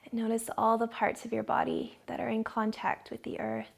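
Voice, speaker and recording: A woman yoga instructor leading a gentle class from her living room in a slow, soothing guiding voice. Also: on the high side, monotone, gravelly, slightly rough.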